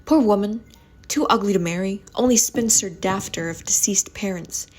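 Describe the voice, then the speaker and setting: A woman reads a spooky story aloud at home in a soft, breathy voice. Her pitch sits in an ordinary middle range. She stumbles over words and restarts them, keeping the reading casual. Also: normal speed. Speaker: ASMR channel host reading aloud.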